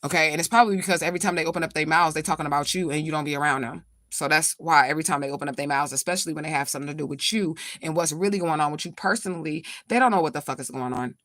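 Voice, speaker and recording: Woman from St. Louis, spiritual reader, rapid, low-set voice, blunt and profane, rambling casual livestream talk. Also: fairly bright tone, no room sound. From St. Louis, USA.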